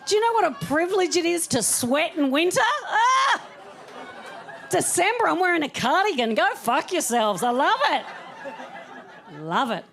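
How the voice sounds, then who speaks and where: A woman's voice: high-pitched, sing-song, moderate pace, creaky, fairly bright tone, a faint crowd, a little hiss or hum. A woman in her thirties doing a stand-up set on a comedy club stage, chatty and self-mocking, laughing through her punchlines.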